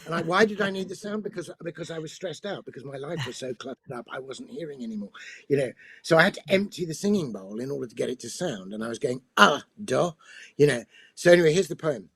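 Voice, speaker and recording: A man, a poet and priest, explaining poetry in thoughtful conversation and reading a poem slowly. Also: fairly high pitch, animated, gravelly, breathy edge, no echo.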